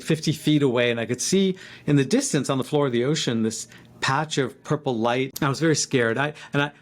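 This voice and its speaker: A man in his fifties telling a personal story in a reflective, halting way, with frequent restarts. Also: medium pitch, vocal fry.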